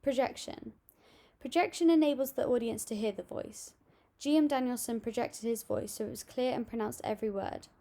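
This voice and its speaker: A young woman reading out a school assignment on voice techniques, steady and a little halting, with small restarts. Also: a little high. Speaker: student presenting an assignment. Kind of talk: read-aloud school presentation.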